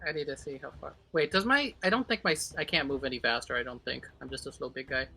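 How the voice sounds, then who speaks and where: Bright-voiced hesitant male player. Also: mid-range voice, fast talker, vocal fry, slightly rough, faint music behind. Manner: hesitant, thinking aloud. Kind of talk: casual tabletop play.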